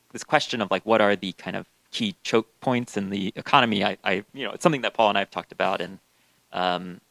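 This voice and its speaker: Gravelly low-voiced man, hesitant. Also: a bit bright, no echo, low-quality recording. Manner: hesitant, many fillers and restarts, uses like often. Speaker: union organizer, panelist. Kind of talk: panel discussion.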